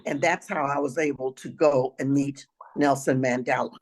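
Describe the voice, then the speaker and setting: Raspy older woman telling travel stories. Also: a bass voice, steady tone, moderate pace, darkish tone, poor audio. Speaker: guest, travel planner and retired teacher. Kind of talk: storytelling interview answers.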